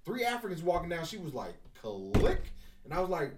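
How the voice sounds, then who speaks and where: Lively man telling stories in a roomy echo. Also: a little high, brisk, recorded from a distance, very noisy. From California. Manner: storytelling, animated, mimics others. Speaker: podcast co-host. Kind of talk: casual chat.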